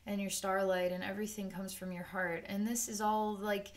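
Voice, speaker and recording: Woman psychic reader; rambling, filler-heavy delivery that drifts into quoted asides. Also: medium pitch. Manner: rambling and unscripted, with many "um"s and "like"s; acts out the chakras in quoted asides. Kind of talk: spoken energy-healing session.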